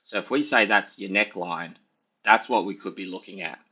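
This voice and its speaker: A man gives casual, rambling commentary over trading charts, full of filler like "sort of" and "you know." His voice is low, pushed, bright and slightly rough at normal speed, in dull lo-fi sound.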